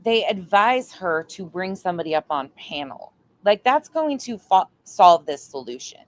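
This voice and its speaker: A woman's voice: fairly low pitch, lively intonation, moderate pace. A woman doing live stream commentary, blunt and exasperated, swearing freely.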